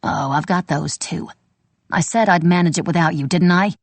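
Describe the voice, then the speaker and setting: A woman's voice: on the low side, moderate pace, no echo. A woman voicing Ginny, a bold young woman thief speaking defiantly and slyly. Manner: defiant, sly.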